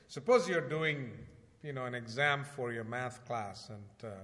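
Conversational preacher in a reverberant hall. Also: male voice, mid-range voice. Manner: conversational, rhetorical questions, shifts between loud emphasis and quiet asides. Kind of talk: sermon.

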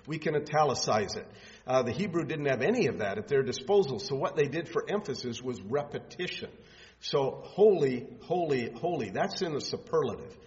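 A man, a pastor, preaching a sermon in measured, emphatic phrases with pauses. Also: mid-range voice. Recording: muffled sound in a reverberant hall.

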